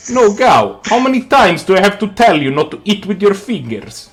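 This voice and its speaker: A man voicing a gruff older game character in a heavy, clumsy Russian-style accent that keeps drifting toward a mobster. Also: sits high, big pitch swings, moderate pace, faint music behind, exaggerated voice. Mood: scolding.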